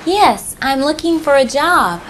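A polite young job seeker with a high, lively voice. She speaks slowly and clearly, with a bright tone. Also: a little hiss or hum. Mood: calm.

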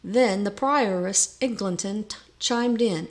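A woman reading a story aloud, lively and expressive, jumping into loud character voices. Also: medium pitch, measured pace. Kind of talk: storybook narration.

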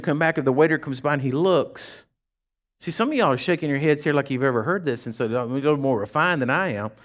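Pastor guy preaching, folksy storytelling, voice way up high. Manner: folksy storytelling, swings from hushed asides to shouting. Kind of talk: sermon.

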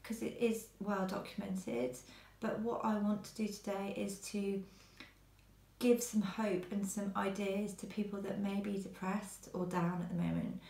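A woman talking earnestly to camera from her quiet home, pausing often as she speaks. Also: medium pitch, little pitch movement, roomy sound. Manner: earnest, halting with many pauses. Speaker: vlogger. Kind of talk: personal talk to camera.

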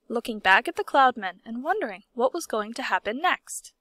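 Woman reading a storybook, bright and dry. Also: a little high, normal speed, few pauses, no room sound. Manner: steady, expressive storytelling. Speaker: audiobook reader. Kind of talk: storybook narration.

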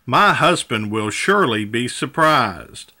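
A man reading the lines of a kindly little old woman baker in a children's storybook, gently and fondly. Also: medium pitch, big pitch swings, measured pace, exaggerated voice. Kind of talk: children's storybook read-aloud.

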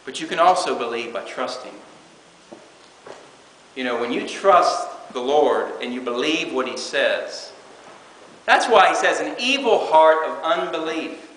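Preacher in an echoey hall. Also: male voice, medium pitch, very animated, measured pace, pauses often, sharp tone, slight background noise. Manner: conversational preaching, acting out quoted prayers. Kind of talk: sermon. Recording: echoey hall with long reverb.

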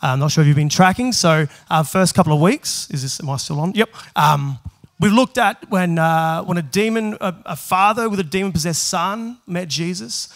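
A man preaching a sermon and reading scripture, his voice strained by a virus, often clearing his throat and chatting casually with filler words. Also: sits high, normal speed. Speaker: pastor. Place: church.

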